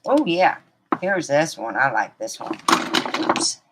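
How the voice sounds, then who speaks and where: A woman's voice: low-pitched, big pitch swings, takes it slowly, very noisy. A middle-aged woman telling rambling comic stories in a chatty, meandering way. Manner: chatty, meandering, many fillers. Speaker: comedian. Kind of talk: rambling stand-up storytelling.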